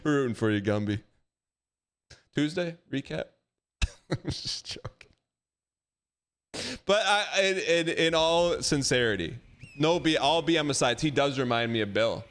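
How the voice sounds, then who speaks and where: A man in his thirties with a high voice hosts a livestream in casual chat. He rambles animatedly and protests in a mock-defensive way. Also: fairly bright tone. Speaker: livestream host.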